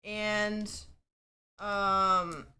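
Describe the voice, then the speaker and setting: A woman's voice: medium pitch, little pitch movement, very slow, bright, forceful tone. A woman livestreamer chatting casually from a home setup, rambling and peppered with fillers and swearing.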